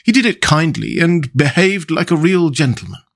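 A man's voice: on the high side, big pitch swings, normal speed, gravelly, voice pushed up. A man voicing an eager, polite young manservant who asks earnest, deferential questions in an audiobook reading.

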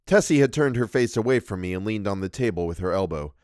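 Man narrating a horror tale for a podcast, measured and expressive, low voice, dry recording. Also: dry recording. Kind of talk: reading a horror story aloud.

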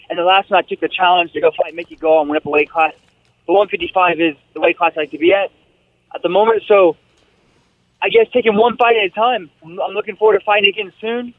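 A man in his twenties talking as a guest fighter by phone, relaxed and rambling with fillers. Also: high-pitched, no room sound. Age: 20s. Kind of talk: casual phone interview. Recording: tinny phone line.

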